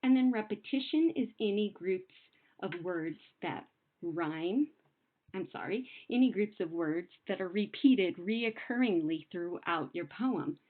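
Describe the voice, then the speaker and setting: A young adult woman teacher explaining poetry to children in a patient, sing-song way, slowing down to sound out words. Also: medium pitch, expressive. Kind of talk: recorded classroom lesson. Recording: phone-like narrow sound.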